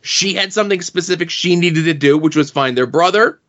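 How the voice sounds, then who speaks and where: A middle-aged man co-hosting a podcast, talking through a comic thoughtfully and pausing to search for words. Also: fairly high pitch, fairly bright tone, muffled recording. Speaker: podcast co-host. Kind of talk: casual comic book discussion.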